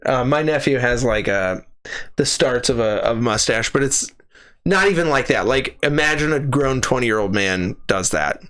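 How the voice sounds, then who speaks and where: A young man chatting on a podcast in a lively, storytelling way. He laughs often and slips into voices to act out the people in his stories. His pitch sits in the everyday middle for a man. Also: moderate pace. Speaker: podcast co-host. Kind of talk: casual chat.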